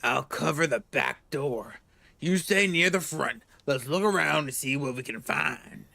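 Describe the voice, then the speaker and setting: A gravelly, menacing male detective, read out by a player in a dry, close recording. He talks in short, hard lines. The pitch sits in a plain middle range. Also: expressive, unhurried, pushed and bright, dry recording, exaggerated voice. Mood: curt.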